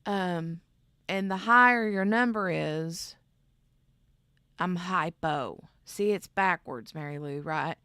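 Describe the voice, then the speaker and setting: Slow, gravelly woman chatting. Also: lowish voice, sharp tone, dry recording, clean studio sound. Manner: rambling, chatty, reads chat aloud. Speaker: craft channel host. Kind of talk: casual livestream chat.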